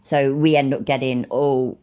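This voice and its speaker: Low-voiced sarcastic woman. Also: little pitch movement, a little slow, darkish tone, clear, resonant tone. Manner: sarcastic, rambling, swears freely. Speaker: streamer reacting to a video. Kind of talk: casual live-stream commentary.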